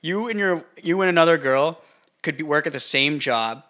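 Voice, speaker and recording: Young guy on a podcast, really bright edgy voice, deadpan and down on himself. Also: fairly high pitch, moderate pace. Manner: deadpan, self-deprecating jokes. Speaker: podcast co-host. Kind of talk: casual crude banter.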